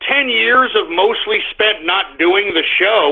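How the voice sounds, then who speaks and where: A man hosting an internet radio stream, reading out listener shout-outs and often exploding into crude, shouting rants. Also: high voice, slow pace, creaky. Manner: crude, belligerent, prone to shouting outbursts. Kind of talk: live streamed radio rant. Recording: tinny phone-like audio.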